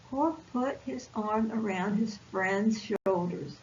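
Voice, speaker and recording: A woman volunteer reading a picture book aloud to preschoolers in a slow, expressive read-aloud voice. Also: mid-range voice. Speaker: volunteer storyteller. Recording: lo-fi recording with faint hiss.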